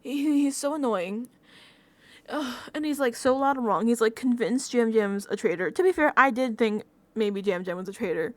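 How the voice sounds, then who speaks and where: A woman's voice: fairly high pitch, normal speed, dry recording. Exasperated woman ranting in a dry room. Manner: exasperated, animated ranting with frequent laughs and mimicked quotes; chatty, many fillers like "like". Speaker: TV recap vlogger. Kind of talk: casual reality-show recap rant.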